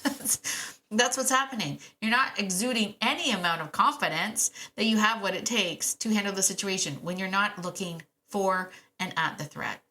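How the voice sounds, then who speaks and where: A woman with a bright, forceful voice talks straight to her listeners about dog training. She is animated and emphatic and repeats her key points. She laughs often as she talks. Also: mid-range voice, moderate pace. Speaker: dog trainer podcast host. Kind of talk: casual solo podcast advice.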